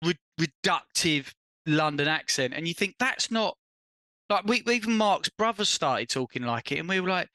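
Man, bright forceful voice, slightly high, casual podcast banter, teasing, laughs a lot, swears. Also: expressive, normal speed, no room sound. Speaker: podcast co-host.

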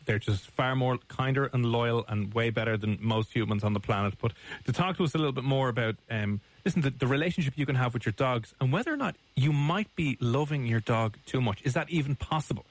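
An Irish man co-hosting a radio show in a mid-pitched voice. He talks casually and teases, with plenty of fillers and restarts. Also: a little fast, hardly any pauses. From Ireland. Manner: teasing, chatty, with fillers.

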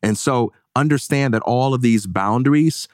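A man guesting on a podcast, telling stories in an animated, playful way. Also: medium pitch, normal speed, no echo, studio quality. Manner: animated storyteller, playful voices for examples. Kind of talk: casual podcast discussion.

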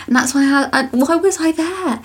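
A woman's voice: extremely high pitch, brisk. A young woman co-hosting a podcast, telling rambling stories in casual chat and often giggling. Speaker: podcast co-host.

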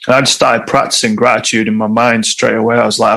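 A man's voice: fairly low pitch, little pitch movement, quick pace, gravelly, hardly any pauses, a bit bright, poor audio. A man, a guest telling a personal story in conversation, candid and reflective.

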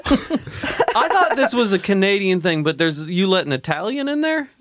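A man co-hosting an improvised comedy show, playing it clueless and lively. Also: sits high, normal speed, dry recording. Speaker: co-host.

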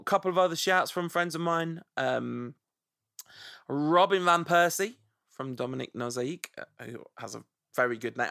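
A man's voice: medium pitch, gravelly, pushed and bright, no room sound, studio quality. A man hosting a podcast in casual chat, playfully savoring the sound of names as he reads out suggestions. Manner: playful, relishes saying names aloud. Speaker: podcast host.

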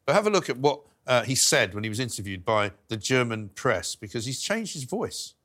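A man's voice: medium pitch, big pitch swings, a little fast, a bit bright. A middle-aged male talk show host telling anecdotes in a chatty, casual studio conversation.

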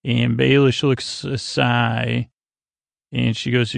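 Gravelly rambling podcast host. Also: male voice, mid-range voice, flat delivery, slow pace, dry recording. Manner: rambling, many fillers and restarts. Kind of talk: casual episode recap.

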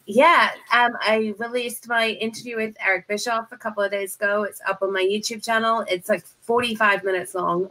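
A woman's voice: medium pitch, a bit bright, rough recording. Easygoing woman co-host. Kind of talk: casual wrestling chat.

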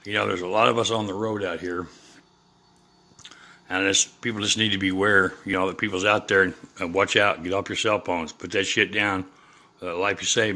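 An older man hosting his own podcast, talking in an unscripted, rambling rant full of swearing and fillers. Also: low voice. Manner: profane and rambling, with many fillers; gets loud and heated when quoting himself. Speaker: podcast host.

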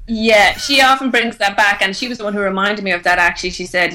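A middle-aged woman from Ireland with an Irish accent, a guest talking over her life in a relaxed, reflective way with many restarts. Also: medium pitch, fast talker. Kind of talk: casual interview chat.

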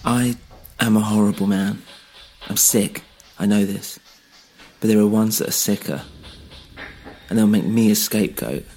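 A man's voice: on the low side, mellow. A man putting on a desperate German man. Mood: pleading, fearful. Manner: pleading, halting, urgent. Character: frightened, beaten German man, a confessed criminal.

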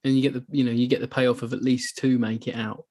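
A man co-hosting a film podcast, talking enthusiastically and getting animated as he retells scenes. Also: mid-range voice, fast talker, slightly rough. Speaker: podcast co-host. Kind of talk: casual podcast chat.

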